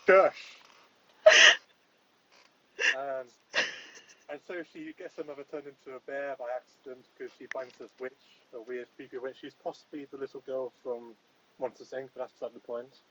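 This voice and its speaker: A man's voice: mid-range voice, steady tone, moderate pace, pauses often, noisy background. A man hosting a comedic podcast in the role of a mock judge, speaking in a mock-stern, bossy and dry way. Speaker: host playing a mock judge.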